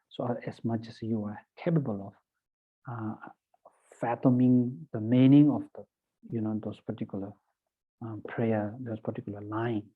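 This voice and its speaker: A male Buddhist teacher with a Tibetan accent gives a dharma teaching, halting with many fillers, then recites verses slowly and deliberately. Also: on the low side, slightly rough. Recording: tinny phone-like audio.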